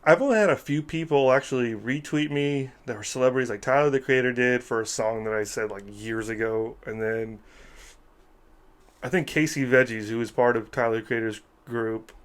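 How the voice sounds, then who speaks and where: A man's voice: medium pitch, normal speed. A young man co-hosting a podcast in loose, profane casual chat, dropping "dude" into most lines. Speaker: podcast co-host.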